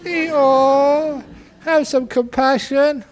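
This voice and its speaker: A man voicing a panicky male donkey stuck in a well, braying, shrill and pleading. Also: steady tone, extremely slow, exaggerated voice. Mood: frantic.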